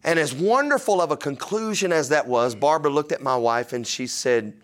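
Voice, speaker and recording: A man's voice: a little high, expressive, a little fast, a bit bright. A man preaching a sermon in a conversational, joking way, often putting questions to his listeners. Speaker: pastor.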